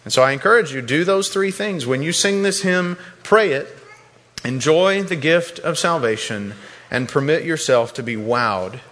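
A man's voice: a little high, normal speed, fairly bright tone. A man preaching a sermon in a church, earnest and repeating words when he stresses a point. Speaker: pastor. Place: church sanctuary. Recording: long reverb in a large hall.

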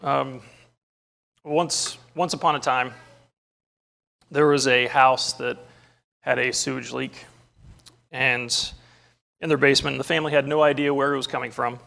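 A male preacher with a gravelly voice delivering a sermon. He tells a story first, then teaches earnestly and emphatically, quoting scripture. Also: mid-range voice, fairly even intonation, a little slow, long pauses, pushed and bright.

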